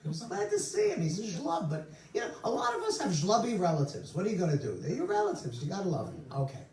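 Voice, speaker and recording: A man preaching as a rabbi, telling stories and slipping in jokes. His voice sits somewhat high and swings widely in pitch. He is recorded from across a roomy, echoing synagogue sanctuary. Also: wildly swooping pitch, quick pace, a little mellow, recorded from a distance. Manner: storytelling with humorous asides. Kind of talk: sermon.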